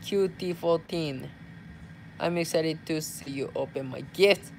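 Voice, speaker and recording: A Japanese man with a Japanese accent, casually reading fan messages aloud as a vlogger, playful and quick to laugh, mixing Tagalog fillers into his English. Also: on the high side, creaky, slight background noise.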